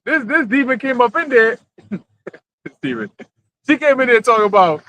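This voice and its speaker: A man with a high voice leads a relaxed church talk. He tells stories with energy and slips into the voices of the people he quotes. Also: a little fast. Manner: animated storyteller, laughs often, quotes people in voices. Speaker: church discussion host. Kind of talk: casual religious discussion.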